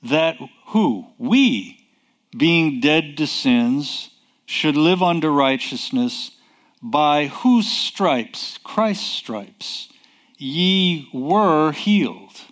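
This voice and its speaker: A man preaching a sermon, emphatic and deliberate, posing rhetorical questions and answering them himself. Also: a little high, expressive.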